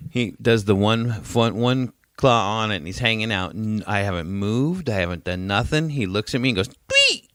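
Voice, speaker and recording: A man in casual podcast chat, swearing freely as he tells his stories. His voice sits on the low side. The sound is dry and close, with no room around it. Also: normal speed, few pauses, a bit bright, no room sound. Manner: profane, blunt storytelling. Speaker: podcast co-host.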